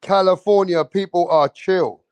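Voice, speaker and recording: A man's voice: high-pitched, a little slow, smooth, no room sound, dull audio. A man chatting loosely on a livestream, rambling and swearing as he reads viewer comments. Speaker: livestream host. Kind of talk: casual livestream chat reading viewer comments.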